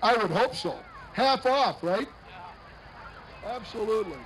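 Announcing a street parade outdoors, a man trades jokes and banter with passing entrants as live commentary. He speaks a little slowly in a high, expressive voice over a noisy background.

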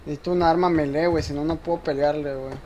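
A man with a Mexican accent giving casual gameplay commentary as a streamer, excitable and quick to protest, repeating himself. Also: a little high, dull audio, slight background noise. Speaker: gaming streamer.

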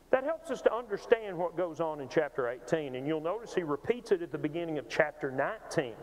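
A man's voice: on the high side, very animated, fast, few pauses. A man preaching a Bible lecture in a church, teaching emphatically and conversationally, often restarting his words. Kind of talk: sermon-style Bible lecture. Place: church auditorium. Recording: long hall reverb.

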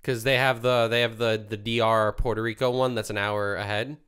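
A young man with an internship, co-hosting a podcast in animated, joking chat. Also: on the low side, fairly quick, clear, resonant tone. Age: young adult. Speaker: podcast co-host. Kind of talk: casual chat.

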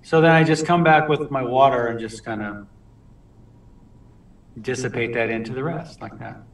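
A man talks through a watercolor demonstration in a relaxed, chatty way, stumbling and restarting as he works. He sits back from the microphone. The room rings around his voice. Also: mid-range voice, normal speed, recorded from a distance. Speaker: watercolor instructor. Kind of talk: live painting demonstration with chat. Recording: roomy sound from off mic.

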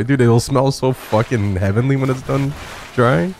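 A man's voice: mid-range voice, normal speed, faint music behind. A man streaming a climbing game live, talking to chat in a frantic, swearing way and laughing at himself. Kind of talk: live gameplay commentary. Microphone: studio dynamic microphone.

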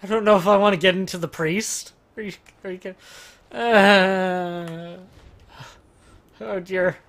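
A man giving jokey gameplay commentary, swinging from loud excited outbursts to quiet muttering. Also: high-pitched, fast. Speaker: let's play gamer.

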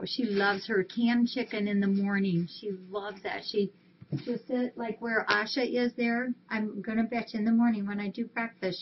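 A woman volunteering at a cat rescue, chatting casually on a live stream and cooing affectionately at the cats. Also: mid-range voice. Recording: dull lo-fi stream audio, faint hiss.

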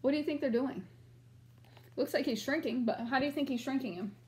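A woman's voice: high-pitched, brisk, a little mellow, a little hiss or hum. A woman teacher reading a picture book aloud to children and asking them questions in an encouraging way.

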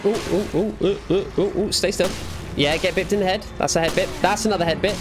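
A man's voice: sits high, a little fast, music in the background. Jokey guy playing a horror game. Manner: jokey, teasing, talks back to game characters. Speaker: gamer. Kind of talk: let's play commentary.

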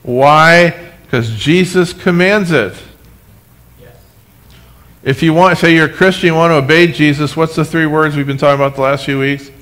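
Animated pastor preaching to his church. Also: on the high side, quick pace, hardly any pauses. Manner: animated preaching with asides and humor, addressing the congregation. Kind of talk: sermon. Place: church sanctuary, recorded for live stream.

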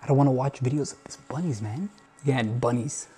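A man's voice: medium pitch, brisk, warm tone, husky, soft background music. A man vlogging as he goes through videos on a computer, talking nervously with frequent gasps and exclamations. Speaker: YouTuber. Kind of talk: reacting to found footage on camera. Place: indoors at a computer.

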